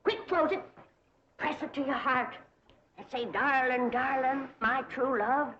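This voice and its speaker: A woman's voice: high-pitched, unhurried, a bit bright. An actress playing a feisty old hillbilly grandmother who makes love charms, with a folksy, bossy manner. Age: older. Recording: dull old TV sound with noise.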